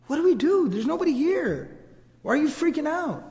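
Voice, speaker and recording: A man's voice: very high-pitched, big pitch swings, normal speed, crowd noise, pitched above the performer's own voice. A man playing puzzled family members who insist they see nothing wrong. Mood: baffled. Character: bewildered family members, adults. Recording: long hall reverb.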